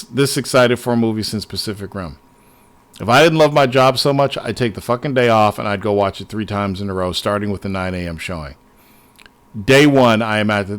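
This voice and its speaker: A man hosting a casual livestream, talking excitedly and swearing often as he rambles to his viewers. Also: on the low side. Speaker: livestream host.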